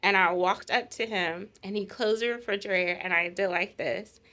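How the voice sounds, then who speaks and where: A woman's voice: medium pitch, normal speed, pushed and bright. A middle-aged woman casually telling the story of her engagement, laughing often as she goes. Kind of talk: casual chat.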